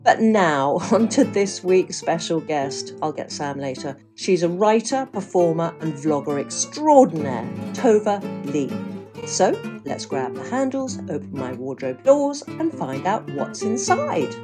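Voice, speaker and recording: A woman's voice: on the low side, big pitch swings, measured pace, over music. A middle-aged woman from the UK hosting a podcast, bubbly and exclamatory, with some swearing. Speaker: podcast host. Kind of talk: casual interview chat.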